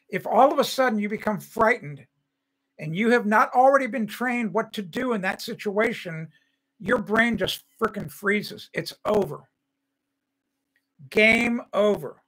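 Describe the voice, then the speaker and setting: A man's voice: high-pitched, a bit bright, low-quality recording. An older man hosting a livestream, ranting angrily and repeating phrases, then reading viewer comments and answering by name. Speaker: host of a home-building show.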